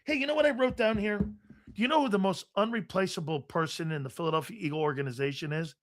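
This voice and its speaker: A man's voice: high voice, fast talker. A man hosting a sports talk radio show, ranting bluntly and combatively at callers and swearing freely.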